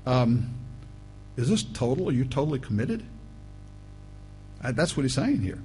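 A man preaching a sermon, reading scripture aloud and breaking off to address the listeners as folks, rising now and then to loud emphatic bursts. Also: medium pitch, lively intonation, normal speed, pauses often, faint music behind, rough recording.

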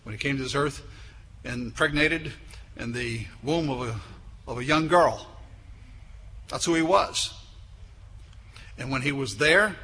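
A man preaching a sermon, building emphatically to forceful peaks and then dropping low. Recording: echoey hall with faint noise.

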